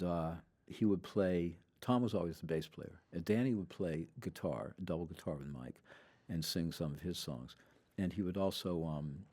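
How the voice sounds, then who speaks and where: A middle-aged man from the Southern US, a musician guest telling stories, acting out the quoted lines. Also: low-pitched. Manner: animated, acts out quoted dialogue. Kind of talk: conversational storytelling.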